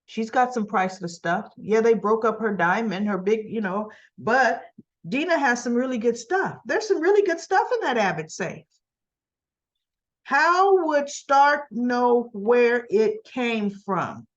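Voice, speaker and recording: A woman's voice: a little high, animated, unhurried, muffled recording. A woman casually recapping soap opera scenes, retelling them in quoted lines with chatty asides.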